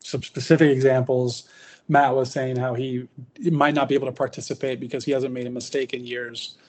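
A man hosts a casual hobby podcast, talking in a relaxed, rambling way full of restarts and fillers. His voice has a husky, slightly breathy edge at an ordinary middle pitch. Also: brisk. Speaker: podcast host. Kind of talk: casual chat about tabletop wargaming.

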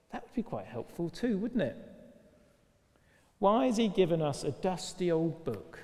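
A man preaching with a fairly high voice and a chatty, lively delivery that keeps asking the congregation questions. His sermon rings out with the long reverb of a large church. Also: a little slow, pauses often. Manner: lively, conversational, full of rhetorical questions.

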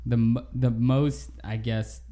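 Male teacher, relaxed mellow voice, halting casual chat. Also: medium pitch. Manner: easygoing, halting with restarts. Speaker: teacher, podcast co-host.

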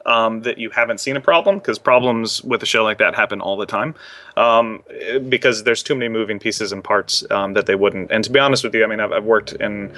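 A young man talks loosely and at length, full of ums and restarts, as he explains coaching theme park performers. His voice sits fairly low but comes across bright and forward. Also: fairly quick. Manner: rambling with many fillers and restarts. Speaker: former theme park performer and accent trainer. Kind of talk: casual interview chat.

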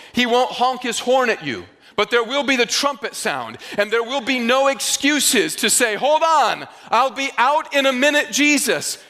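Pastor, male, from the Northeastern US, preaching with a high, bright voice and acting out little scenes; reverberant sanctuary sound. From Northeastern United States. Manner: animated storytelling with acted-out dialogue. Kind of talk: sermon.

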